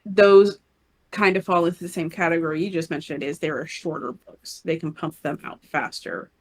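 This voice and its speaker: A woman's voice: fairly low pitch, steady tone. A woman co-hosting a podcast in casual chat, talkative and hesitant with frequent ums. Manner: chatty, hesitant with frequent "um", quick to laugh. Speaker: podcast co-host.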